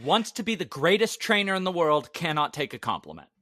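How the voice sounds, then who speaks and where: A man's voice: fairly high pitch, big pitch swings, brisk, bright, forceful tone, no echo, clean studio sound. A man co-hosting a podcast, chiming in with short wry interjections during an anime recap. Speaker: podcast co-host. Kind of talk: casual anime recap chat.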